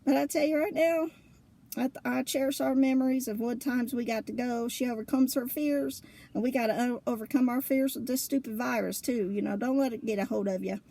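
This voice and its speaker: A woman telling a funny personal story in a lively, colloquial way, laughing often between lines. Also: a little high, fairly quick, gravelly. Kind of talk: casual spoken storytelling.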